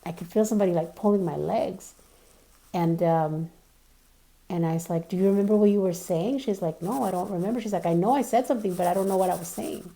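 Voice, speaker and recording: Woman vlogger telling her story, warm mellow voice, lots of likes and you knows, super earnest. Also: on the low side, a little fast. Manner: chatty, many fillers and asides; earnest, insists she is telling the truth. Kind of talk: casual storytelling.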